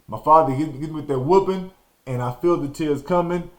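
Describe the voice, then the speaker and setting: A man from Texas hosting a podcast, telling a story in an animated, slangy way and acting out the scenes. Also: on the high side, moderate pace. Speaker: podcast host. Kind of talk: storytelling monologue.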